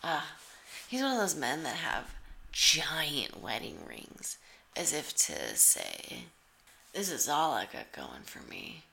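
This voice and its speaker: Gravelly, sarcastic woman commentator. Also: sits low, wildly swooping pitch, slow, pushed and bright. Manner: sarcastic, teasing asides. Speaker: comedic commentator. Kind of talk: mock play-by-play over a cooking show.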